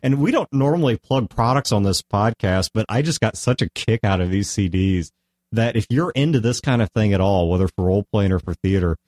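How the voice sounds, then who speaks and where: A man hosts a casual podcast conversation, rambling at length and frequently pausing to correct himself. He speaks animatedly and a little fast in a fairly low, slightly mellow voice, captured in clean studio sound with no echo.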